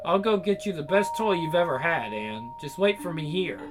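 A man's voice: high voice, fairly quick. A man voicing the hero of a video game, casual and wry with frequent swearing. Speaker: gamer voicing the main character. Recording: music playing behind.

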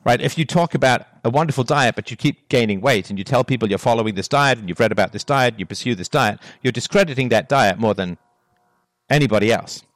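A man delivering a solo monologue on virtue and relationships, firing off rhetorical questions with emphatic, animated delivery. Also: medium pitch, quick pace, no echo, clean studio sound. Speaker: philosophy talk host.

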